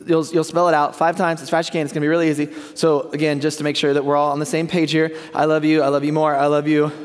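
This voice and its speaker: A man's voice: fairly high pitch, flat delivery, quick pace. A male pastor giving a casual, joking sermon, often checking in with the congregation. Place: church sanctuary. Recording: long church hall reverb.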